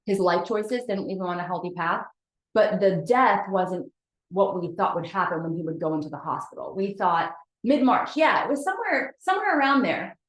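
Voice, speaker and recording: A woman's voice: mid-range voice, lively intonation, normal speed. A woman giving a candid, chatty motivational talk to a live audience, speaking straight to her viewers. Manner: candid, chatty, addresses viewers as "you guys". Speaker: host of a weekly motivational live video. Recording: roomy echo.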